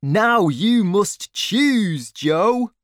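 A lively young boy in a children's storybook, eager and forthright, voiced by a woman. His voice is high and pushed forward. The sound is close and dry. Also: extremely slow, dry recording.

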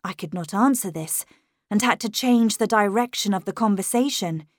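A woman narrating a first-person story in a measured, unhurried storytelling manner. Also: mid-range voice, no echo, studio quality. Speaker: audiobook narrator.

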